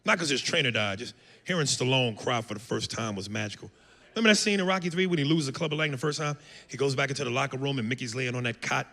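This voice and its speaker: A male stand-up comedian telling loud, animated jokes on a club stage into a handheld mic, with a noisy live recording. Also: mid-range voice, quick pace. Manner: loud, animated, shouting punchlines.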